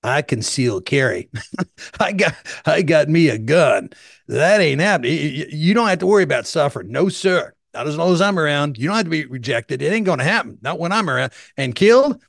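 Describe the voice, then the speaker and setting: A brash Southern good-old-boy with a loose, drawling Southern US accent swaggers through folksy slang, as a preacher puts him on. He sounds cocksure and fiercely protective, his voice sitting a touch high and landing dry and close. A man doing the voice. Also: expressive, a little fast, gravelly, dry recording.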